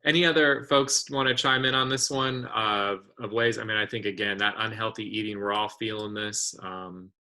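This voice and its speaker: A man leads an online community discussion with a low voice that still sounds crisp and forceful. He speaks thoughtfully, pausing on fillers and restarting phrases. He is heard through a video call. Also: steady tone, low-quality recording. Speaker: webinar host.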